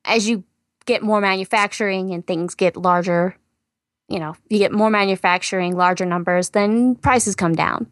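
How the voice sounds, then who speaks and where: A woman's voice: mid-range voice, fairly even intonation, moderate pace, no room sound, studio quality. A woman co-hosting a casual science podcast, chatty and full of "you know" fillers. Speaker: science news co-host.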